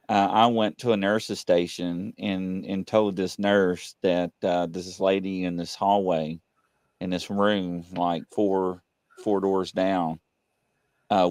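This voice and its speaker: A man's voice: low voice, no room sound. Male host, casual and chatty, reads comments aloud, dry mic. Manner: rambling storyteller, often laughing. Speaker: talk show host. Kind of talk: casual live-show chat, reading viewer comments.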